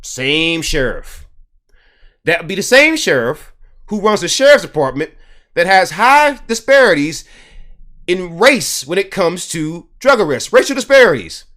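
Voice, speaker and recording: Man, commentary host, high voice, very animated, emphatic repetition. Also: a little slow. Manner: emphatic, repeats words for stress.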